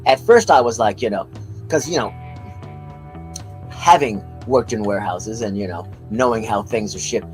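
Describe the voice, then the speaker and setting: A man's voice: on the low side, moderate pace, long pauses, faint music behind, low-quality recording. A man co-hosting a casual livestream, telling a long story full of fillers and asides. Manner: rambling, animated storytelling with lots of fillers. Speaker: co-host.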